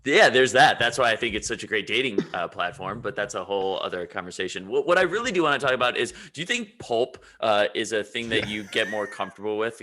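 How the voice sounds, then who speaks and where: A man's voice: on the low side, lively intonation, fast talker, few pauses, pushed and bright. A man co-hosting a casual podcast, talking in an earnest, reflective way and drifting onto side topics. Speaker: podcast co-host. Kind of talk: casual chat.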